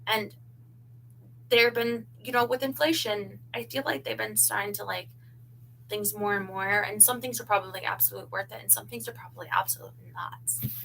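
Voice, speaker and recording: Giggly bright-voiced woman chatting. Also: mid-range voice, steady tone, brisk, gravelly, a little hiss or hum, low-quality recording. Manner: chatty, giggly, fillers like "um" and "you know". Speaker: livestream host. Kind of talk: casual chat while unboxing clothes.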